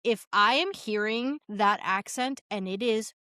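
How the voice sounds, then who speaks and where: A woman's voice: mid-range voice, a little slow, no echo, studio quality. Chatty woman podcast host. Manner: chatty, laughs often, animated asides. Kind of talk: casual chat.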